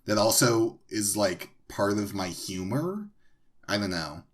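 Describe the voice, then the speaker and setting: A man's voice: fairly low pitch, animated, slow pace. A man co-hosting a podcast in casual chat, hesitant and dry, unimpressed by puns. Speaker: podcast co-host.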